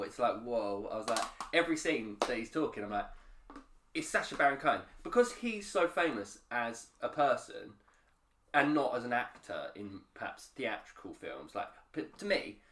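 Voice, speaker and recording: A man's voice: mid-range voice, a bit bright. A man co-hosting a casual film podcast, rambling and interrupting himself, swearing casually. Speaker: podcast co-host. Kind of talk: casual chat. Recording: roomy echo.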